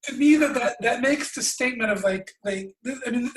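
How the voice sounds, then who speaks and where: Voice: mid-range voice, moderate pace, echoey room. A podcast guest making dry, sarcastic quips in casual chat.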